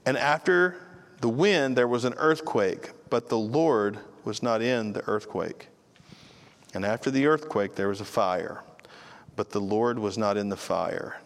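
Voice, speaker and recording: A male pastor delivers a sermon with a mid-pitched voice, speaking in a relaxed way and breaking in with casual asides. A long reverb from a large hall trails after his words. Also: creaky. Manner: conversational, with casual asides to the listeners.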